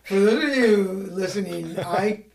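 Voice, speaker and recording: A man from California, a podcast guest, telling a story in a lively, self-mocking way and acting out other voices. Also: sits high, unhurried, gravelly, a crowd in the background. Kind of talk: casual storytelling. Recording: echoey room.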